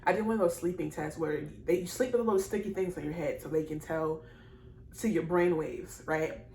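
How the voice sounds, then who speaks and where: This young vlogger's low, dark-toned voice holds steady at a normal speed as she casually tells her story to the camera. Rambling and repetitive, she turns emotional, apologizing and laughing through tears, in an echoey room with faint noise.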